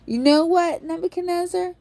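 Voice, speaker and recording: A woman's voice: very high-pitched, fairly even intonation, normal speed, creaky, warm tone, no room sound. A woman hosting a podcast, giving a casual devotional talk on a Bible book and acting out quotes in an earnest storytelling tone.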